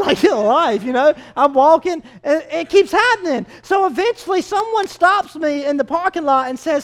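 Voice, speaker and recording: A man's voice: extremely high pitch, lively intonation, normal speed, hardly any pauses, fairly bright tone. A man preaching a sermon as pastor, telling stories in a conversational way with frequent fillers. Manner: conversational storytelling with hesitant fillers.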